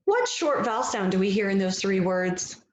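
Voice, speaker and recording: A woman reading a picture book aloud as a phonics lesson, gentle and encouraging, stretching out the vowel sounds. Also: medium pitch, sing-song, moderate pace, roomy sound, slight background noise. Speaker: reading teacher.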